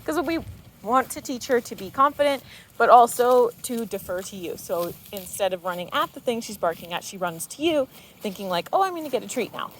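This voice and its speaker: A woman dog trainer explaining calmly while walking a dog outdoors and breaking into high-pitched praise for the dog. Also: normal speed, a little hiss or hum. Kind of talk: explaining on a walk. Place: outdoors on a neighborhood walk.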